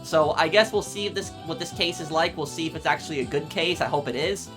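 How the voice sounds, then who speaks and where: A man's voice: fairly high pitch, quick pace. A man hosting a video game playthrough, chatting casually to viewers with lots of fillers. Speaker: let's play host. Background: game music.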